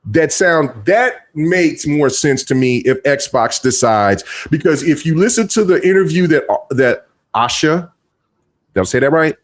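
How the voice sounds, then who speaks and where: A man's voice: on the high side, animated, unhurried. A man hosting a casual gaming podcast, talking in long rambling stretches full of restarts and fillers. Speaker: podcast host.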